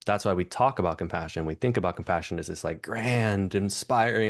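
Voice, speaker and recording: A man with a very deep voice hosts a podcast conversation. He reflects calmly and murmurs his agreement. The sound is dry and close. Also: brisk, hardly any pauses, dry recording. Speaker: podcast host. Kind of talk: casual conversation.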